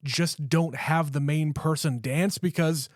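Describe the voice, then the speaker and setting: A man co-hosting a podcast, giving blunt, relaxed opinions about a film and swearing casually. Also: on the high side, a little slow, no echo, studio quality. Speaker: podcast co-host. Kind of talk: casual movie chat.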